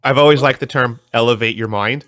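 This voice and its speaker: A man's voice: medium pitch, brisk, a bit bright, no echo. A man hosting a casual podcast conversation, blunt and exasperated in tone. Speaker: podcast host.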